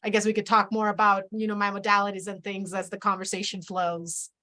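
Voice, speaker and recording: A woman speaks slowly and reflectively on a video call, circling back and restarting her phrases as she explains her spiritual work. Her voice sits at an ordinary pitch and has a casual, conversational tone. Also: little pitch movement, pushed and bright. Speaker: guest, spiritual mentor.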